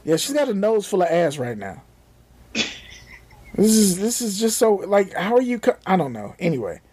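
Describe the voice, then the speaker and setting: High-pitched guy in his 30s, bouncy voice all over the place, crude joking banter. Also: breathy edge. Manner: animated, joking, quick rises into laughter. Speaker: podcast co-host.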